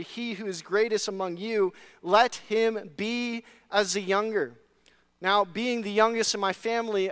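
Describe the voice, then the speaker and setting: A male preacher with a high, smooth, clear voice delivers an earnest sermon, posing rhetorical questions and reading scripture aloud. Now and then he slips in a dry, sarcastic aside. His words ring out with a long reverb through a large church sanctuary. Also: fairly bright tone. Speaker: pastor.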